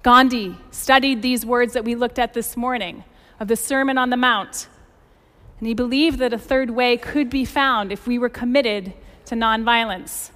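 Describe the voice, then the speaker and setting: A woman in her forties delivers a sermon, with a voice a touch higher than most women's. She tells stories with lively emphasis, and the sound carries a long hall reverb. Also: moderate pace. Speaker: pastor.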